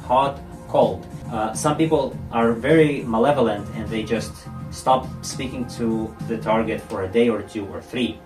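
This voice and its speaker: A man's voice: mid-range voice, measured pace, reverberant, recorded from a distance, over music. A man teaching a class as a dating coach, explaining step by step and often checking in with "right?". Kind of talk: classroom lecture with acted examples.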